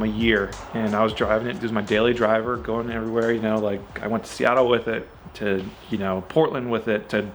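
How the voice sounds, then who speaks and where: There's a bit of background noise as this man, speaking in a mid-range voice, recounts something that happened with his car. Casual and animated, he sprinkles in "like" and "you know" and plays out other people's lines himself.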